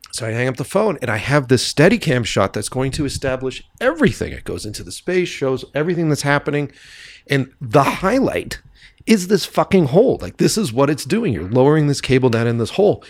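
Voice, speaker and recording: A man recounts a chaotic day on his film set as a podcast guest, animated and casual and quick to curse. His voice sits in a middle register for a man. The sound is dry and close, with no room echo. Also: mid-range voice. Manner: animated storyteller who swears freely and acts out quoted dialogue. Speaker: filmmaker guest. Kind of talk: casual anecdote telling.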